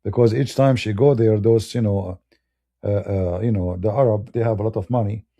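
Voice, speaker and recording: Combative Middle Eastern-accented male streamer, husky fry, dark mellow tone, blunt delivery. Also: lowish voice, steady tone, moderate pace. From Middle East. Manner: blunt, combative, laughs through his anecdotes. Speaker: Christian apologist streamer. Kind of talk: unscripted livestream rant.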